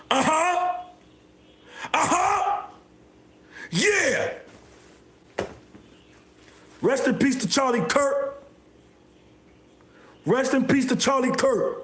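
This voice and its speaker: A man hosting a livestream, delivering a repetitive, confrontational rant with bursts of shouting. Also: very high voice. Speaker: livestream host. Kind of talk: ranting livestream monologue. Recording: echoey room.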